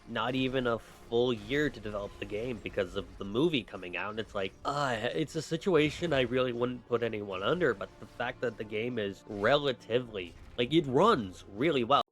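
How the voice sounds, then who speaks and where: A man's voice: mid-range voice, moderate pace, fairly bright tone, soft background music. A man rambling through gripes in a game review, exasperated and complaining. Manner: exasperated, griping. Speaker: gaming video commentator.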